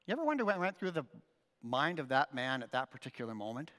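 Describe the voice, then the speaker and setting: Animated male preacher in a reverberant hall. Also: mid-range voice, fast. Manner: animated, conversational preaching with frequent "right?" asides. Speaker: pastor. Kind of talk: sermon.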